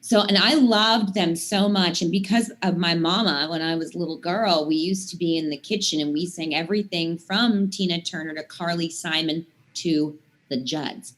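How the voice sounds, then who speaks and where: A woman's voice: fairly low pitch, steady tone, moderate pace, a bit bright. A woman in her thirties, a singer guesting on a talk show, telling long stories in casual chat with lots of "I mean" and "like". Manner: rambling storyteller, many "I mean" and "like" fillers.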